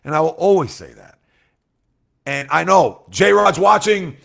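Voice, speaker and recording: Male sports livestream host, slightly high and gravelly, animated, chats with viewers and jumps from loud bursts to low asides. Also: a little slow. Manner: animated, swings from loud outbursts to quiet asides; talks straight to chat, reads out viewer comments. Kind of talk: casual livestream chat with viewers.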